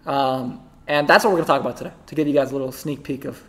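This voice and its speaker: A young man hosting a podcast, telling a story in a casual, animated way, full of "right?" and "like". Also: medium pitch. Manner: animated, fast-talking, lots of "right?" and "like". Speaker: podcast host.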